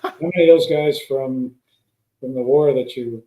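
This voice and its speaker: A man's voice: medium pitch, moderate pace, crowd noise. A man, a guest pilot, telling long rambling anecdotes in a casual chat, with many restarts. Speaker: guest, former stunt pilot. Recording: roomy echo.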